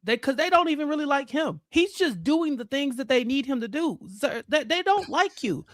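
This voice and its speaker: Podcast host, man, high-pitched, casual blunt political venting, dry studio sound. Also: lively intonation, moderate pace, a bit bright, no echo. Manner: blunt, exasperated ranting.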